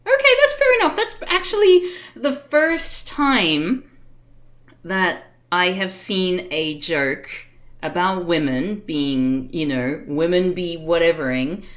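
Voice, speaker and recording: Young female streamer, casual and chatty, lots of pitch movement, slow easy delivery. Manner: chatty, giggly, animated asides. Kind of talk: casual live-stream commentary.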